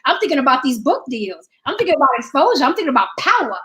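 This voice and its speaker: This podcast host has a high, bright, forceful voice and talks fast with a lot of animation. In an opinionated discussion, she swears emphatically and keeps circling back to rhetorical questions to drive the argument.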